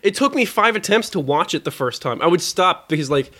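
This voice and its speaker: A man's voice: on the high side, expressive, a little fast, bright, forceful tone. A man talking casually and crudely about movies with a friend, joking and often trailing off mid-sentence.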